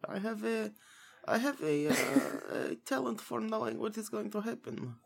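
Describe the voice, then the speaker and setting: Man doing a old-world immigrant voice, high strained pitch, thick accent, put-on and jokey. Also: very animated, normal speed, vocal fry, full character voice. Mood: knowing.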